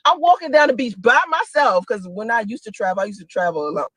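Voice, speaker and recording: Woman in her forties, lively storytelling, laughs often, dry close sound. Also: quick pace, slightly rough, no echo. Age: 40s. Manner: animated, laughing, dramatic pitch swings. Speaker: single mother telling stories to a friend. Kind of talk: casual monologue video.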